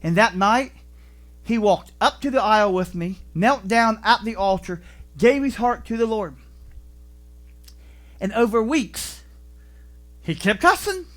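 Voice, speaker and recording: A man preaching a sermon as pastor in a church, telling stories with animated delivery and acting out voices. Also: high-pitched, unhurried, pauses often. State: vertigo, deaf in left ear.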